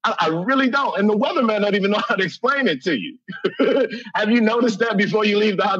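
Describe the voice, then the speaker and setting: A man from Chicago telling a humorous personal story, animated and laughing often as he acts out voices. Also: high-pitched, fairly quick, highs cut off.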